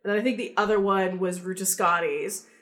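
A woman's voice: mid-range voice, steady tone, fairly quick, a bit bright. Amused woman explaining in casual chat. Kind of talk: casual chat recapping a show.

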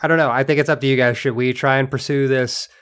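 A man talks through the group's next steps in a tabletop game. His voice sits at an ordinary middle pitch, and his tone stays loose and casual, with offhand swearing. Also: steady tone, fast, a bit bright, smooth. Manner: casual, planning, swears freely. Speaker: player.

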